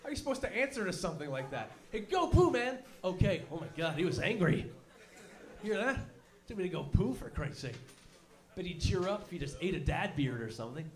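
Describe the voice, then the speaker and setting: High-voiced profane comic. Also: male voice, a little fast. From Canada. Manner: profane, animated storytelling with mock voices. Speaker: stand-up comedian. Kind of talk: stand-up comedy set.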